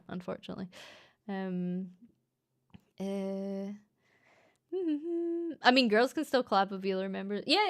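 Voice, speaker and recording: A woman's voice: fairly high pitch, a bit bright, clear, resonant tone. A young woman with a Scottish accent chatting casually on a livestream, playful and giggly, swearing freely. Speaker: streamer.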